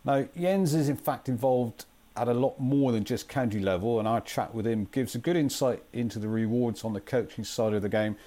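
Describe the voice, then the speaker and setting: A man's voice: mid-range voice, a little fast, warm tone. A man hosting a podcast in a casual chat, easygoing and steering the talk with short prompts. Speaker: podcast host.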